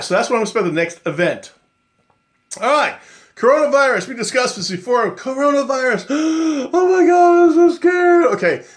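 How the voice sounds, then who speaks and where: A man's voice: on the high side, a bit bright. A man hosting a religious commentary show, giving emphatic, preachy warnings full of scripture phrases and repeated checks that listeners understand.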